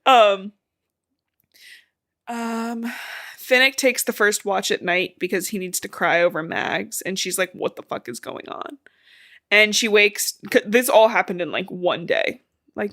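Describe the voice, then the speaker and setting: A woman's voice: medium pitch, slow, a bit bright. A young woman with a lisp, co-hosting a podcast and recapping a book in casual chat, rambling and swearing freely. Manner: rambling, swears casually, acts out quoted lines. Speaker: podcast co-host.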